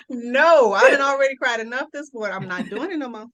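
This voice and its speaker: A woman's voice: high voice, lively intonation, a little fast, a bit bright. A pregnant woman host chatting casually and playfully, laughing with her guest. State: pregnant, emotional. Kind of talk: casual chat.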